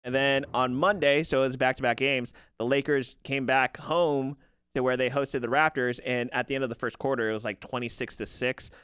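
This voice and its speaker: A man's voice: mid-range voice, a little fast, clear, resonant tone, no echo. A man co-hosting a casual podcast, chatting about cartoons and basketball and retelling scenes with laughter. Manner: animated storyteller, laughs while retelling scenes. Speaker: podcast co-host. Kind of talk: casual sports and pop culture chat.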